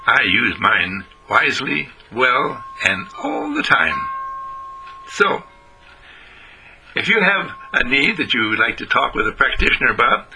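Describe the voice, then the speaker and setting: Lively, bright-voiced man giving an uplifting radio talk. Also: medium pitch, poor audio. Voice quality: animated, sing-song emphatic delivery. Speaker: spiritual speaker.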